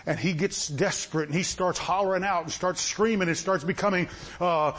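A man preaching a sermon as pastor, impassioned and rising to loud bursts. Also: sits high, fairly quick.

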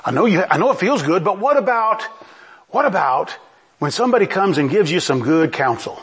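Animated preacher with a husky high voice. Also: male voice, brisk. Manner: animated, conversational, asks the congregation questions. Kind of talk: sermon.

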